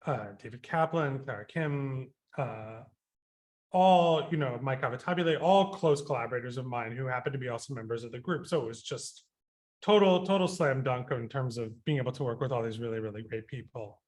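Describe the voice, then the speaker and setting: During a radio interview, a composer talks fairly quickly at a medium pitch, rambling with numerous fillers and restarts and growing lively when quoting himself.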